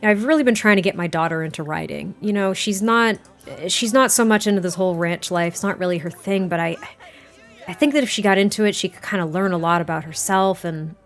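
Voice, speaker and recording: A woman's voice: medium pitch, fairly quick, faint music behind, close to an everyday voice. A woman voicing a friendly male rancher neighbor who talks politely and hesitantly, with small restarts. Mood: earnest.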